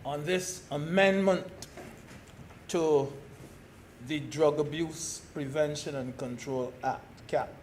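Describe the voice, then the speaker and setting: A man from Barbados giving a parliamentary speech as a senator, slow and deliberate, stressing key words. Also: on the high side, steady tone, a little hiss or hum. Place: senate chamber.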